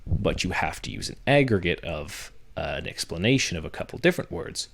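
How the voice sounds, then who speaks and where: A young male podcast host with a deep, low voice. He talks through a workshop in a patient, teacherly manner, building each point from examples one step at a time. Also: very animated, a little fast, gravelly. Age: young adult. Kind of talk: workshop-style podcast explanation.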